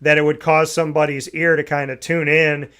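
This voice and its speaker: A man's voice: on the high side, level tone, fairly quick, fairly bright tone, clean tone. A man hosting a morning sports talk show, chatting casually and reading promos with enthusiasm.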